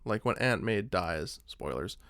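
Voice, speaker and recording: Animated man in casual chat. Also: lowish voice, no room sound, clean studio sound. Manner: animated, fills every pause with "like", acts out his own thoughts in quotes. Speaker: podcast co-host.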